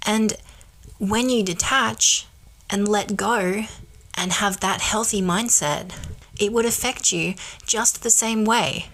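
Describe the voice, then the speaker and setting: A woman's voice: medium pitch, takes it slowly, a bit bright. A woman hosting a podcast, giving an emphatic, blunt motivational monologue and swearing casually. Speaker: podcast host.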